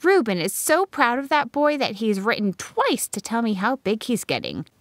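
A woman's voice: on the high side, moderate pace, no room sound, clean studio sound, voice pushed up. A woman voicing an earnest, spirited eighteen-year-old schoolteacher in an audiobook. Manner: lively, bright-toned dialogue reading.

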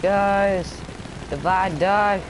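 A man's voice: high-pitched, drawn-out words, background noise. A young man giving casual, joking gameplay commentary as a gaming YouTuber, rambling and mocking himself. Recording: loud game sounds behind voice.

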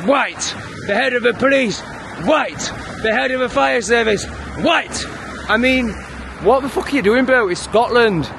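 A man's voice: high-pitched, pushed and bright, slight background noise. An English man ranting heatedly and swearing a lot in his own opinion vlog. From England. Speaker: vlogger. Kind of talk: profane opinion rant.

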